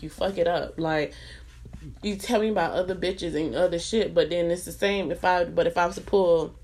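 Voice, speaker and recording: A young adult woman venting bluntly and profanely about a relationship, repeating herself for emphasis. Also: low-pitched. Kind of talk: candid relationship venting monologue.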